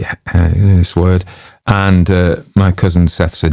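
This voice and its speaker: Man, low voice, digressive talk, joking asides, fillers, dry room. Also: flat delivery, takes it slowly, a little mellow, clear, resonant tone, no room sound. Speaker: audiobook narrator introducing a story. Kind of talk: rambling casual chat.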